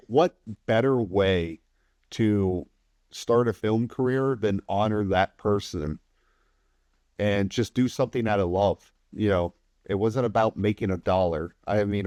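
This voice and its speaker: A man guesting on a podcast who tells stories in a relaxed, animated way, acts out what other people said, and swears casually. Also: on the low side, no echo, studio quality. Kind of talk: casual anecdotal storytelling.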